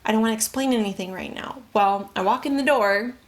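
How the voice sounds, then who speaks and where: A young woman talks straight to camera in a slightly high voice. She tells her own story candidly and emotionally, and she rambles with fillers and restarts. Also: fairly quick. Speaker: vlogger.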